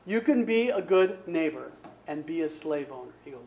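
A man's voice: sits high, very animated, normal speed. A man preaching a sermon in a conversational way, often asking his listeners rhetorical questions. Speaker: pastor.

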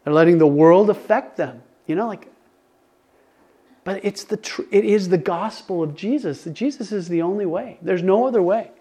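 Excitable older male preacher. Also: high voice, moderate pace. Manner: animated, excitable, many restarts. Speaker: pastor. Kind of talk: conversational sermon.

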